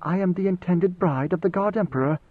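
A man voicing a young woman, a ruler's intended bride, speaking in a soft, measured, composed way. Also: sits high, no echo, voice pushed up. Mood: tender. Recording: dry, phone-like narrow sound.

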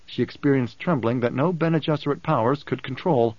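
A man narrating an audiobook in a steady storytelling manner. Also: mid-range voice, brisk, no room sound. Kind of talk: scripted narration. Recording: dull dry close recording.

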